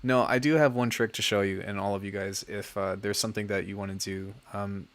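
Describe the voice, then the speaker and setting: A man's voice: fairly low pitch, steady tone, brisk, fairly bright tone. A young man chatting casually on his livestream, giving friendly feedback on music with lots of fillers. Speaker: music producer streaming feedback.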